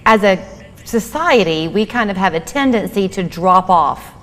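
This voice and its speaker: A woman's voice: mid-range voice, expressive, normal speed, big-room sound. A woman hosting a TV talk segment, asking the guest leading questions in a conversational way. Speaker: TV host. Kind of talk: TV interview.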